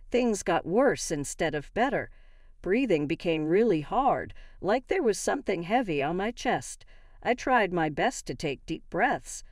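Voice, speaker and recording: A young woman tells a personal story in the first person with earnest, dramatic delivery. Her voice sits fairly low yet moves expressively through a wide range. It is recorded close and dry, with no room sound. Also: a little mellow, no room sound. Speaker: story narrator.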